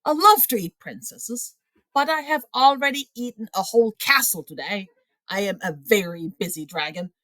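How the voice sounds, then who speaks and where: A woman voicing a vain, boastful male dragon in a storybook, speaking loud and slow. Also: medium pitch, lively intonation, no echo, voice pushed up, lightly acted.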